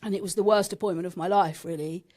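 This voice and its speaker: A woman's voice: fairly low pitch, steady tone, quick pace, darkish tone. A woman in her thirties from England, a podcast guest frankly telling a painful personal story and swearing now and then.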